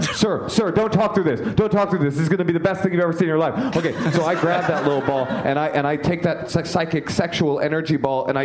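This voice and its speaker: A man doing stand-up crowd work on a comedy club stage, brash and laughing at his own jokes, throwing in lively voices for the people he quotes. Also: on the high side, background noise.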